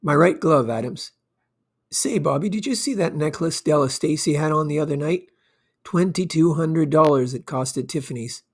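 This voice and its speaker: A man voicing a brisk, chatty stage actress who gives orders to her dresser while she talks. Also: fairly high pitch, animated, slightly rough.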